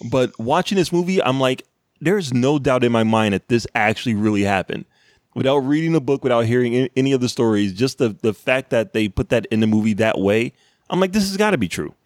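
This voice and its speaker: A man with a mid-pitched voice talks animatedly in casual chat, quick to swear and gush. His voice sounds dry and close, with no room echo. He has the easy energy of a podcast co-host. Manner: enthusiastic, animated, swears freely.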